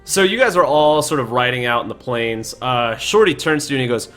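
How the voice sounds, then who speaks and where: A man narrating and running a tabletop game as game master, in a casual, halting way, over faint music. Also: mid-range voice, expressive, a bit bright.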